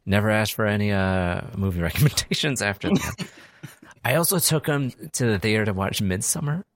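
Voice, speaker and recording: A man co-hosting a podcast in casual chat, an animated storyteller who acts out his friends' lines. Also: fairly low pitch, a little fast, no echo, clean studio sound. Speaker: podcast co-host.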